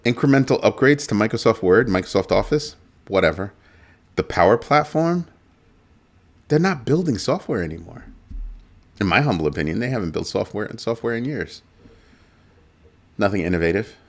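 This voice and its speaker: A man's voice: on the low side, lively intonation, normal speed, long pauses. A man hosting a casual talk show, telling a story and mimicking a coworker with emphatic asides. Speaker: host. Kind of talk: casual chat.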